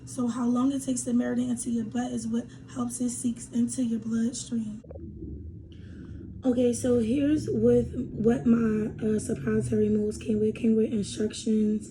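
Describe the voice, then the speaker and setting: Her voice is on the high side and the background is noisy as this young adult beauty vlogger talks casually from home. She demonstrates a product, rambling along and laughing frequently.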